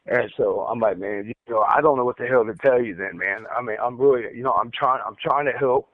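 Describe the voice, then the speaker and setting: A man's voice: mid-range voice, fairly quick, no room sound. A man telling his story over the phone, stuttering, repeating words and restarting his sentences. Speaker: caller recounting an interrogation. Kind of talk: casual phone account. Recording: tinny dry phone line.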